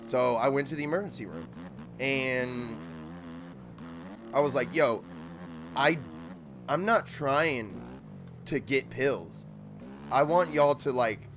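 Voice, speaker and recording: A man live-streaming a motocross game, chatting loosely and swearing, rambling with lots of "like" and "dude". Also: medium pitch. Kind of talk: casual live-stream chat while gaming. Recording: motorbike game engine noise behind.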